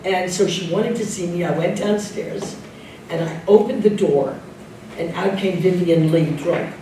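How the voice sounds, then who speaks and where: A woman's voice: on the low side, measured pace. Older lady spinning stories, laughs a lot, does voices, echoey room from far off with noise. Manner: animated, laughing, mimics others in quotes. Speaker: guest actress. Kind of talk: anecdotal storytelling Q&A. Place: club room with live audience. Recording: echoey room, distant mic, background noise.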